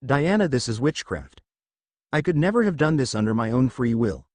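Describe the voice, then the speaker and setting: A mighty demigod husband begs to be believed, read by a man. The delivery is animated and earnest, and the recording is dry and intimate. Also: medium pitch, normal speed, no echo. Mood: pleading. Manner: pleading earnestly. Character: proud pleading demigod hero husband.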